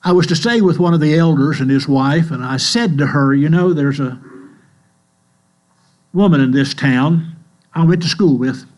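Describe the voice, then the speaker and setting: An older man preaching a sermon in a church, telling stories in a slow, earnest way. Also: on the high side, darkish tone. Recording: mains hum in the background.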